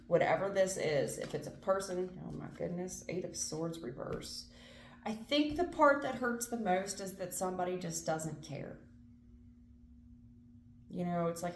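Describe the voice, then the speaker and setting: A woman's voice: fairly low pitch, lively intonation, moderate pace, echoey room, slight background noise. A woman doing a casual tarot reading, earnest and emphatic, repeating phrases and swearing now and then. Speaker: tarot reader.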